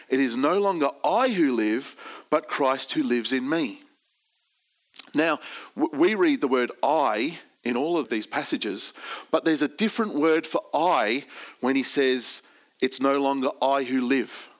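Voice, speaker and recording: Slow, deliberate male preacher. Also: mid-range voice, a bit bright. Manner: slow, deliberate, stressing key words. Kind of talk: sermon with scripture reading.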